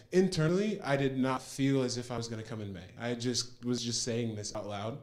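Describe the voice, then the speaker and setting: An earnest young man gives a testimonial as a program participant, speaking briskly in a mid-range voice with a steady tone. Retelling a personal story, he repeats words for emphasis.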